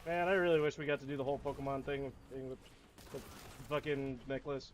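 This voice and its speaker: A man giving casual let's-play commentary, swearing at enemies and whining about his play in loud, repetitive outbursts. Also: mid-range voice, a little fast, slight background noise. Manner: profane, whiny trash talk at enemies; excitable outbursts and repeated phrases. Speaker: gamer.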